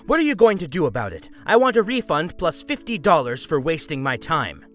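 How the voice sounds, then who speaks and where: A man voicing a shrill, furious, entitled woman customer who screams, bullies and interrupts. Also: big pitch swings, normal speed, pushed and bright, faint music behind.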